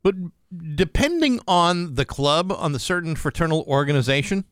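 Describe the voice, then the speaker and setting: A man co-hosting a morning radio show, delivering wry, deadpan asides and reading station promos. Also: fairly high pitch, normal speed, clear, resonant tone, dry recording, studio quality. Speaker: radio co-host. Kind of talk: casual morning radio banter. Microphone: studio microphone.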